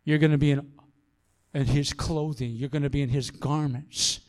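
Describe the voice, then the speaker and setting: A man's voice: a little high, steady tone, normal speed, a little mellow. A man pastor giving an earnest sermon, repeating phrases for emphasis as he tells a story and then exhorts the congregation.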